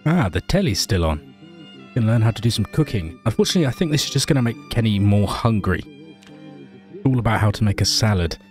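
A man narrating his survival game as a playful story, making wry asides and talking to his character. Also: deep voice. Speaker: gaming video narrator.

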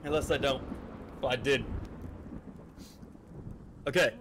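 A man's voice: medium pitch, steady tone, slow. A young man streaming a horror game with friends, joking and laughing often, panicking when stuck. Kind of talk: casual gaming chat. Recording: faint background noise.

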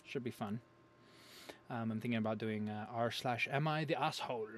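A man's voice: medium pitch, brisk. Jokey rambling man vlogging. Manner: rambling, jokey, playfully exaggerated delivery. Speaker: channel host. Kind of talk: casual story-time vlog chat.

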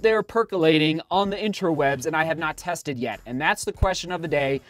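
Male vlogger, high voice, a little winded, excitable unboxer. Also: brisk, hardly any pauses. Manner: exclaims and gasps a lot. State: slightly out of breath. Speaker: running vlogger. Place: hot home studio.

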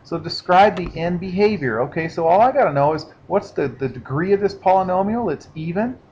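Man, math teacher, casual lecture, slightly high voice, muffled lo-fi audio. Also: lively intonation, a little fast, a little mellow. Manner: casual, explanatory, checks in with listeners. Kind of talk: recorded classroom lecture. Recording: dull lo-fi sound with faint hiss.

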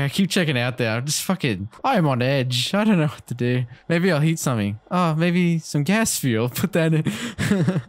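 A man's voice: on the high side, no room sound. A young man commenting as he plays a horror game, jittery and swearing, tossing jokey asides at the characters. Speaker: gaming video host.

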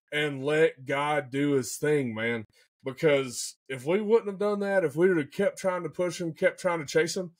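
A man, a podcast guest telling a story in an excitable, animated way and often saying "man" and "dude". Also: fairly high pitch. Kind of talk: casual storytelling.

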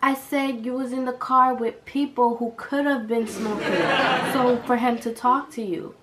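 A woman voicing her middle-aged mother, who pries and quickly excuses herself. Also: a little high, steady tone, very noisy, pitched above the performer's own voice, natural voice. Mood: defensive. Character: prying Haitian mother, middle-aged, defensive.

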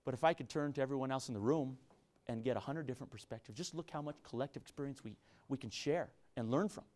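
A San Luis Valley Colorado accent colors this middle-aged university business professor's earnest public lecture to students. His medium-pitched voice is a little mellow and moves at a quick pace. Repetition and frequent restarted phrases run through his delivery.

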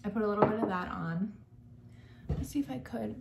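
A woman's voice: mid-range voice, brisk, gravelly, very noisy. Gushing young woman in an echoey room. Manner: chatty and gushing, heavy use of "like". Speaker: makeup artist and beauty vlogger. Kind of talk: casual makeup tutorial talk.

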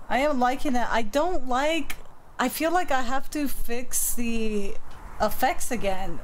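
A woman's voice: fairly high pitch, slow pace, a little hiss or hum. A woman streaming a game from home, chatting casually with her viewers and her cat as she plays. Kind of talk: casual gameplay commentary.

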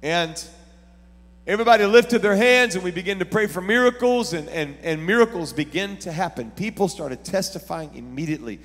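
Male preacher, highish bright voice, storytelling sermon that swells to shouting, church reverb. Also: expressive, brisk. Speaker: pastor. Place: church sanctuary.

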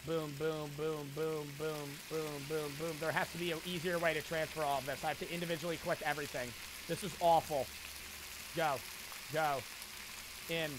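A young man streaming a cooking game, talking to his chat in a frantic, profane, yelling way. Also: a little high, level tone, normal speed, noisy background. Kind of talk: gaming livestream commentary.

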